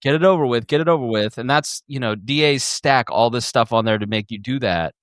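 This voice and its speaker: Brief: male co-host, mid-pitched, easygoing talker, dry close mic. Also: fairly quick, no echo. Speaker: podcast co-host. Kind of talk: casual chat.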